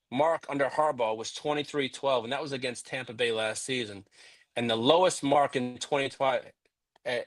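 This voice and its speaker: A man hosting a live fan show about his football team, talking through the game and breaking into a profane, shouting rant. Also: medium pitch. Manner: profane, ranting, shouting in anger.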